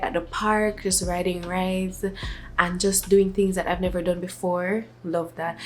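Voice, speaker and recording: A young woman vlogger in a casual sit-down chat, talking softly and rambling with many filler words. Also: fairly low pitch, slight background noise.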